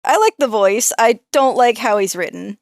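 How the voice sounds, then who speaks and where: A woman's voice: on the high side, lively intonation, no echo, studio quality. A woman co-hosting a podcast, trading wry jokes in a casual chat. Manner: wry, joking asides, quick to laugh. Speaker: podcast co-host. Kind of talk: casual chat reviewing a cartoon.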